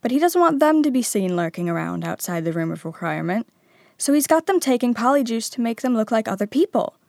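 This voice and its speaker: A woman doing an excited teenage boy wizard. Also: a little high, quick pace, creaky, dry recording, clean studio sound, pitched above the performer's own voice. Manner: urgent and emphatic.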